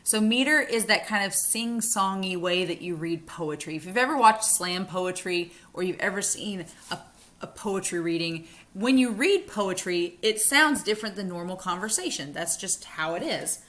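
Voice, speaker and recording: A woman teaching a recorded college English lecture, upbeat and explanatory, slowing down to read verse aloud. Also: medium pitch, expressive, fairly bright tone.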